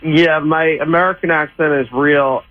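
A man's voice: on the high side, steady tone, moderate pace. A man calling in by phone to a radio show, sheepish and apologetic. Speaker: caller. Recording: tinny phone line.

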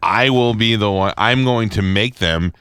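A man's voice: lowish voice, a little slow, fairly bright tone, smooth, no room sound. A man hosting a radio show in a studio, bantering casually and insisting teasingly on a promise to a coworker. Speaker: radio host.

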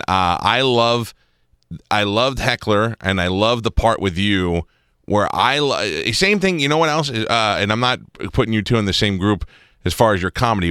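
Hosting a casual radio interview in a studio, a man with a low-ish, somewhat bright, clean voice teases his guest, rambling and restarting often. The studio microphone gives a dry, clean sound.

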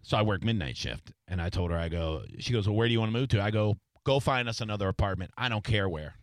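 A man's voice: fast talker, dry recording. A middle-aged man telling rowdy stories in a casual podcast chat, profane and emphatic. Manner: animated, profane, swings high and loud for emphasis. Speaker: podcast host.

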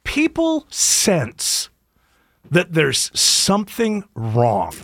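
A man's voice: sits high, huge pitch swings, very slow, a bit bright, dry recording, clean studio sound. A man hosting a talk radio show, giving wry, sarcastic opinions in casual comedic banter.

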